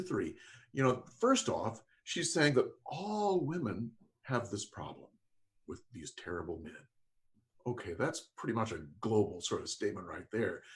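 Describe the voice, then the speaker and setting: A man's voice: on the high side, vocal fry. A man hosting a podcast in casual discussion, mocking and sarcastic in tone. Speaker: podcast host.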